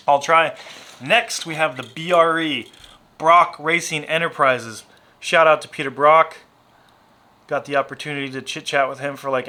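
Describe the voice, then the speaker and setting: A married adult man with a Southern US accent chats casually about his diecast car collection in a pushed, bright, mid-range voice. He rambles, pokes fun at himself and drifts onto tangents.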